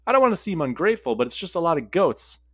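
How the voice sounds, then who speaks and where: A man's voice: on the high side, big pitch swings, fast, husky, no room sound, clean studio sound, voice pushed up. A man doing a tired, grumbling cave monster. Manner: weary, put-upon grumbling.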